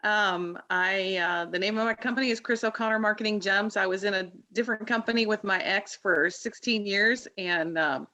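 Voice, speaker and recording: A woman's voice: mid-range voice, moderate pace, few pauses, bright, forceful tone, no echo. A woman in her sixties introducing her marketing business on a video call, earnest and a little hesitant. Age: 60s. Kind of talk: casual group video call.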